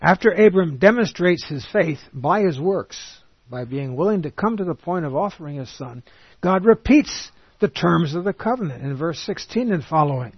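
A man teaches from scripture in a sermon, reading verses slowly and with emphasis before explaining them plainly. His voice sits a bit high and sounds husky. The recording is dry and a little dull. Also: lively intonation, no room sound. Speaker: preacher.

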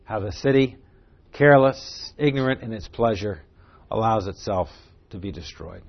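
A man teaching a Bible class, explaining the text and moving between low asides and a louder reading voice. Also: moderate pace, creaky. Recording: dull lo-fi recording.

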